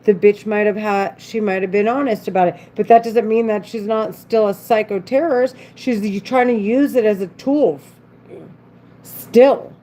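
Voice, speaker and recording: A woman's voice: medium pitch, steady tone, normal speed, warm tone, rough recording. A woman talking alone in an unscripted monologue, agitated and rambling, with frequent swearing and broken-off sentences. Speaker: vlogger.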